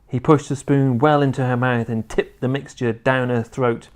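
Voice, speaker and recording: A man reading a children's book aloud in an expressive storytelling manner. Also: mid-range voice, normal speed, clean tone.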